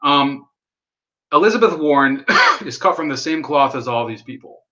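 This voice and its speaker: A man's voice: fairly high pitch, sing-song, fairly quick, pushed and bright. Rambling sardonic man on a lo-fi stream. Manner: rambling, sardonic, swears, reads chat aloud. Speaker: livestream host. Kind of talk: casual political livestream commentary.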